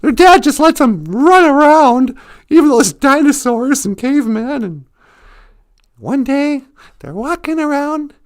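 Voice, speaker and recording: A woman telling a humorous story on a live stream, animated and joking, laughing along the way. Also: high voice, unhurried.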